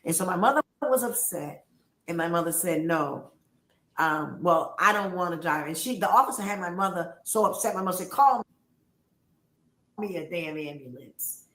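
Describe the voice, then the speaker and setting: A woman's voice: lowish voice, a little fast, a bit bright. Emphatic woman telling a story in a roomy space. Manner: emphatic, acts out quoted voices. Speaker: guest on a livestream. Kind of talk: animated storytelling. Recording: roomy echo.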